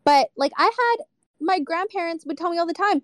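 A woman's voice: very high-pitched, animated, fairly quick, dry recording. A young woman talking candidly as a podcast guest, blunt and impassioned, swearing freely. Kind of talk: candid casual chat.

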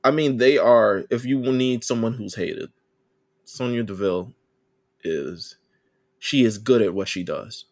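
A man's voice: lowish voice, measured pace, a little mellow. A young man co-hosting a casual wrestling podcast, laid-back and profane. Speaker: podcast co-host.

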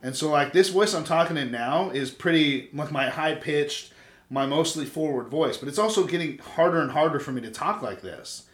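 A man in his thirties telling stories in casual chat, animated and profane. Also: a little high, moderate pace. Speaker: podcast host. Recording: echoey room.

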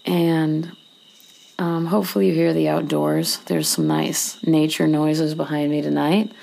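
A woman's voice: deep voice, level tone, measured pace, gravelly, dark tone. A woman losing her voice talks casually into a phone outdoors, rambling a little, then reads a poem aloud. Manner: rambling, self-deprecating, unscripted. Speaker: podcast host reading poetry. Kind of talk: casual chat, then poetry reading.

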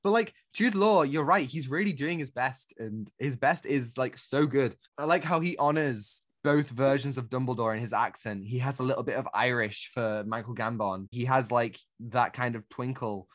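A man's voice: mid-range voice, moderate pace, hardly any pauses, a bit bright, no echo. A man co-hosting a casual film review podcast, critiquing with exasperated, ranting energy. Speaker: podcast co-host.

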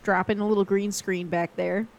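A woman co-hosting a podcast in casual chat, animated, self-deprecating and quick to laugh. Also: mid-range voice, vocal fry. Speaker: podcast co-host. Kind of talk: casual movie-recap chat.

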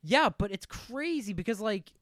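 A man's voice: high-pitched, moderate pace, no echo. A young man co-hosting a casual podcast, ranting with lots of swearing. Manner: animated ranting, heavy swearing. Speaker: podcast co-host. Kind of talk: casual chat.

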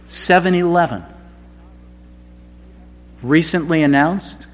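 A man preaching with a fairly high voice and an unhurried, deliberate pace. His sermon swings between hushed, intimate passages and loud, emphatic cries. The sound rings with long reverb, as in a church sanctuary. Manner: slow, dramatic delivery swinging from quiet to shouted.

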